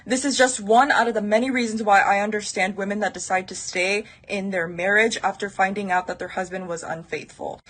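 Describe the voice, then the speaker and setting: A woman's voice: medium pitch, steady tone, fairly quick, few pauses, fairly bright tone. Earnest woman giving advice. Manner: earnest, lecturing. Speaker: advice vlogger. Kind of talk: monologue to camera.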